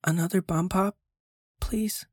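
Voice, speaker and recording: A man's voice: high-pitched, fairly even intonation, slow, darkish tone, dry recording, studio quality, pitched above the performer's own voice. A man voicing a hungry, desperate young boy who speaks in a pleading whine.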